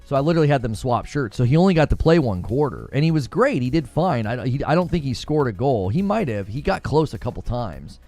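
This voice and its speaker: Guy on a gaming podcast telling a story, pitch jumps all over, faint music behind. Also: fast, hardly any pauses. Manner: animated storyteller, acts out quotes. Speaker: podcast host and youth soccer coach. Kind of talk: casual chat.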